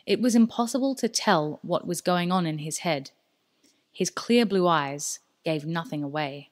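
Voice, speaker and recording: Woman narrating an audiobook, lowish voice. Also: a little slow. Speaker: audiobook reader. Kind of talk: scripted narration.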